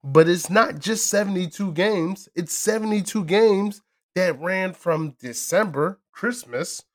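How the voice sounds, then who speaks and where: Loud profane man talking trash. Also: high voice, measured pace. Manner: loud, profane, animated trash talk with laughter. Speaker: podcast host. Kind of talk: casual chat between friends.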